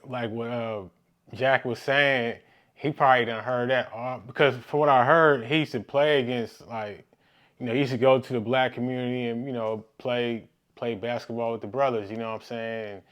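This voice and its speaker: A man's voice: mid-range voice, steady tone, normal speed, fairly bright tone. A man hosting a reaction video, talking in a laid-back, casual way with many fillers. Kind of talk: casual chat.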